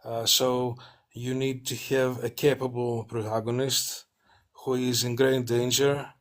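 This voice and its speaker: A man's voice: mid-range voice, little pitch movement, unhurried. A man, the author guest, talking about his writing in a hesitant way, full of fillers. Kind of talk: interview talk.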